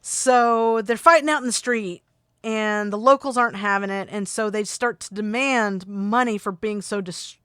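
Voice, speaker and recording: A woman with a bright, forceful voice chats casually as a podcast co-host. She rambles through a film recap, trading jokes. The sound is close and dry, with no room behind her. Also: mid-range voice, normal speed, clean tone, no room sound. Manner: rambling, jokey, retells scenes with quoted voices. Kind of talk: casual movie recap chat.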